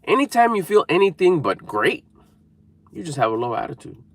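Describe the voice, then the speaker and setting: A man's voice: a little high, very animated, brisk. A man giving an emphatic, repetitive motivational talk to camera, coaching viewers. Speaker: motivational speaker.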